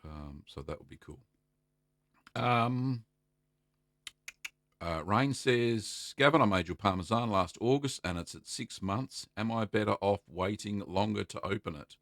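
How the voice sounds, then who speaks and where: A middle-aged Australian man hosting a casual live stream, chatty and relaxed, greeting viewers by name and filling pauses with ums. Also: fairly low pitch, dry recording. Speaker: livestream host answering cheesemaking questions.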